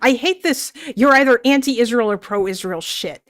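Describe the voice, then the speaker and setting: A woman's voice: a little high, normal speed, a bit bright. A woman in a heated online debate, exasperated and profane, insisting on finishing her point.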